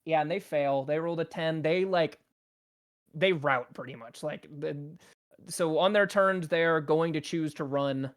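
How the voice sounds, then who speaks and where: Man, game master, casual narration, rambling, frequent laughs, fairly high voice. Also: measured pace. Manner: rambling, full of ums and laughter.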